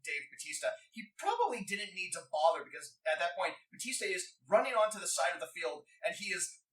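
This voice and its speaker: Wry, higher-voiced man, echoey room. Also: sing-song, a little fast, a bit bright. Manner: wry, dry jokes and puns. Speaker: podcast co-host. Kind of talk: casual movie-review chat. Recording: echoey room, distant mic.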